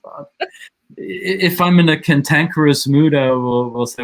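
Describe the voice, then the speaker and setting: A man co-hosting a podcast in casual conversation, measured and stammering a little at the start of his phrases. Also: fairly high pitch, gravelly. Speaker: podcast co-host.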